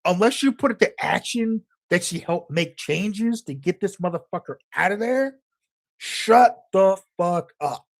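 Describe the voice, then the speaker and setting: A man's voice: sits high, expressive, normal speed, gravelly, hardly any pauses. A man delivering a heated, profane political rant as a commentator, emphatic and angry throughout.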